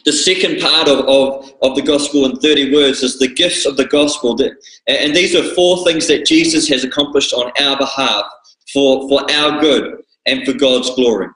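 A man's voice: medium pitch, moderate pace, fairly bright tone, echoey room, rough recording. A man preaching a sermon as pastor, earnest, with frequent restarts.

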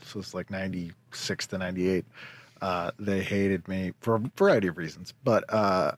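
A man co-hosting a podcast, relaxed, trading dry wisecracks in casual chat. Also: lowish voice. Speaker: podcast co-host.

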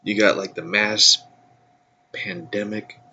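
A man's voice: lowish voice, steady tone, slow, pushed and bright, a little hiss or hum. A man hosting a casual solo podcast, groggy from just waking up, with a stuffy nose and a rambling way of talking that trails off. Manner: rambling, laughs often, trails off. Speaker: podcast host.

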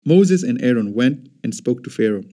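A man narrating an audio Bible in an even, measured scripted reading. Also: medium pitch. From Kenya.

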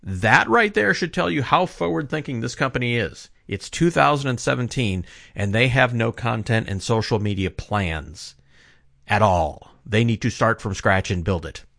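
A man's voice: mid-range voice, lively intonation, moderate pace, creaky, fairly bright tone, no room sound, studio quality. A man giving a casual opinion monologue, rambling and often correcting himself as he talks. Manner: rambling, self-correcting, conversational. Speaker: commentator.

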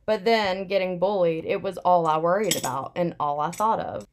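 A woman's voice: on the low side, normal speed, noisy background. A young woman in casual chat, telling a personal story candidly with plenty of "like" fillers.

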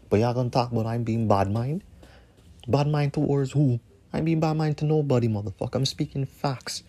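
A man hosts his podcast alone, ranting angrily with heavy swearing. He hammers his points by repeating phrases again and again. His voice has a mellow, darker tone. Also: medium pitch. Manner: angry, profane, repeats phrases for emphasis. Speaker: podcast host. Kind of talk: heated solo rant.

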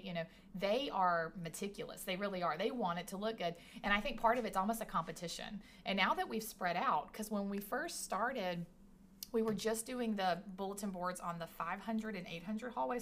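A woman's voice: mid-range voice, a bit bright, slight background noise. A woman teacher talking about her career tech classes in a chatty, enthusiastic podcast conversation. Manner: chatty and enthusiastic, many restarts.

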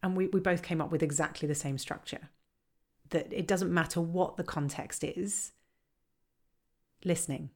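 A woman on a podcast explaining how to handle complaints, lively and acting out the lines customers and staff might say. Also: fairly low pitch, moderate pace, pauses often. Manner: animated, acts out quoted dialogue. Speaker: customer service trainer.

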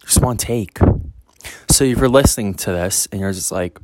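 Blunt, low-voiced man giving spiritual advice. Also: moderate pace, darkish tone, no echo. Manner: blunt, emphatic, swears freely. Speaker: spiritual reader. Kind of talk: casual spiritual monologue to camera.

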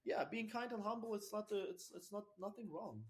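A man with a German accent chats as a guest on a podcast. His voice is a little higher than most men's. He restarts his sentences often and swears freely as he gets worked up. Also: slight background noise. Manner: animated, swearing, halting non-native phrasing with many restarts. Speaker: podcast guest, dog trainer. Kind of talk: casual interview chat.

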